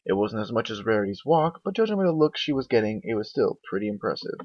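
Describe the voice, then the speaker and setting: A young man reads a fan story aloud with a lively, rising and falling voice. He trips over words and corrects himself as he goes. The cheap mic sounds dull and dry in a small room. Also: lowish voice, fast talker, no echo. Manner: lively, with slips and asides. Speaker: fanfic reader. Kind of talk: amateur story reading.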